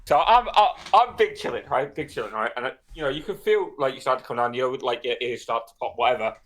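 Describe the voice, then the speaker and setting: A man's voice: mid-range voice, lively intonation, fast talker, fairly bright tone. A man co-hosting a podcast, telling a story in casual chat, swearing and laughing often. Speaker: podcast co-host.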